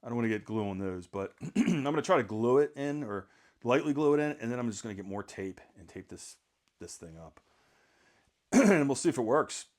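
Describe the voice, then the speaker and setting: A middle-aged man rambling casually through a photography gear vlog, joking at his own expense and often clearing his throat. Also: mid-range voice, expressive, fairly quick. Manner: rambling, self-mocking, frequent throat clearing. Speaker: sports photographer.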